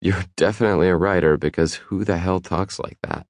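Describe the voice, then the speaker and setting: Sharp, probing young woman, read by a man. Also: deep voice, fairly even intonation, dry recording, studio quality, lightly acted. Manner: brisk, deductive questioning. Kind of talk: audiobook dialogue.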